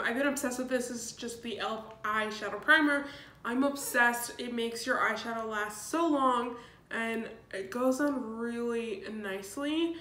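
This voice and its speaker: Young woman, beauty vlogger, slightly congested, upbeat and chatty, bright tone, echoey room. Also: fairly high pitch. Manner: chatty, upbeat, lots of ums. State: congested from a cold. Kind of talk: casual makeup tutorial chat.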